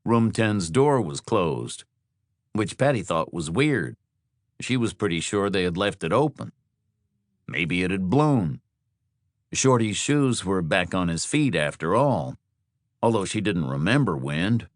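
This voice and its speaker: A man reads a thriller audiobook in a measured, descriptive way. His voice is fairly low, with lively rises and falls. The recording is close and dry, with no room sound. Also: dry recording. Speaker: audiobook narrator. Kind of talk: scripted narration.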